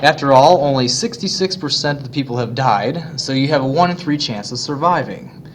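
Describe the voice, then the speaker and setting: A teacher doing a pompous wealthy Englishman in a deliberately bad British accent. He pitches his voice up and pushes it louder, salesman-like. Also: expressive, slight background noise, close to an everyday voice. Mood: pitching. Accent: put-on British.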